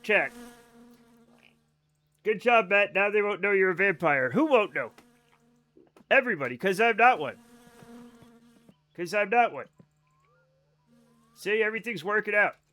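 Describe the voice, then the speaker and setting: Streamer dude, high bright voice, goofy rambly chat. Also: male voice, expressive, measured pace, long pauses. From Scotland. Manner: joking, rambling, giggly. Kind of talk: casual livestream chat while gaming.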